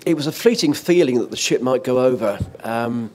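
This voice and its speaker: Older male former DJ, lively anecdote teller on a panel stage. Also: medium pitch, brisk. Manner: animated anecdotal, with laughs and restarts. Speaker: former offshore radio DJ, guest. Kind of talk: storytelling in a panel talk. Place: event stage or hall.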